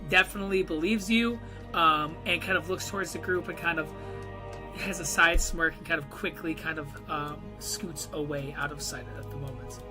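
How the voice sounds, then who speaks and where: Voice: mid-range voice, steady tone, moderate pace, over music, low-quality recording. A game master narrating a tabletop role-play game in a loose, rambling way with many fillers.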